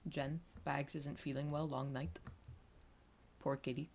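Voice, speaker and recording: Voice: medium pitch, level tone, measured pace, creaky, a little mellow, a little hiss or hum. A streamer chatting casually while playing a game, rambling and self-deprecating, often trailing off and restarting sentences. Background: game music.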